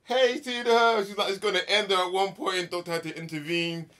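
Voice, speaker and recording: A man's voice: high voice, steady tone, quick pace, sharp tone. A young man, chatting casually as co-host of a movie review, explaining plot points. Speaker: podcast co-host.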